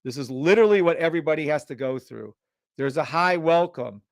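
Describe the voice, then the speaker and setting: A man hosting a live trading stream, pitching a scanner and ranting bluntly at viewers, swearing freely and sounding exasperated. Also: lively intonation, a little fast, vocal fry, no room sound, clean studio sound. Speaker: trading livestream host.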